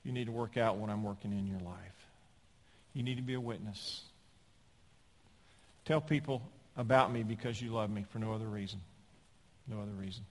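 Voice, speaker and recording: Preacher doing God, soft-spoken fatherly male voice, calm and patient, lingering reverb. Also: on the low side, normal speed, pauses often, pitched below the performer's own voice. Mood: gentle.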